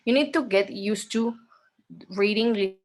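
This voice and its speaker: A woman teaching an online exam-prep class, speaking slowly, repeating herself and often checking in with "okay?". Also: mid-range voice. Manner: slow, repetitive, checks in with "okay?".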